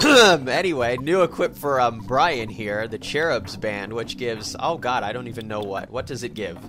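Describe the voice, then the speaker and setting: A man's voice: mid-range voice, normal speed. A young man hosting a let's play, explaining game mechanics in a joking way and laughing often. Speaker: let's play host and narrator. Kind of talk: casual game commentary. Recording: game music behind.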